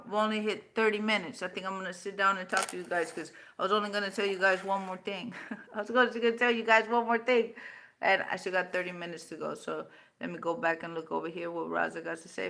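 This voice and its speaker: A woman's voice: fairly low pitch, vocal fry, fairly bright tone. A woman in her fifties hosting a livestream, talking bluntly, swearing freely and answering viewer comments. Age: 50s. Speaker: livestream host. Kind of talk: unscripted livestream talk.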